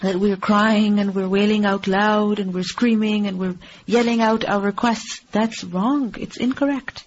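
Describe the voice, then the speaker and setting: A woman teaching a religious lesson in earnest, asking and answering her own questions and reciting Arabic verses quickly. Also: mid-range voice, fairly even intonation, highs cut off, a little hiss or hum. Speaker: Islamic teacher. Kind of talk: religious lecture.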